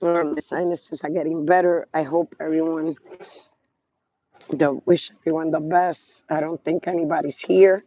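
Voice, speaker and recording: A man's voice: a little high, little pitch movement, normal speed, dark tone, dry recording, muffled recording. A congested man rambling casually to viewers on a live stream while walking outdoors on a city street, talking into a phone. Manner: rambling, talks to viewers, trails off. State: congested from sinus trouble.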